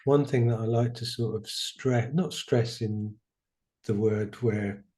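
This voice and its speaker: Man, podcast host, mellow dark voice, reflective, halting. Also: fairly low pitch, steady tone. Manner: thoughtful, searching for words, halting. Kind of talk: reflective spiritual conversation.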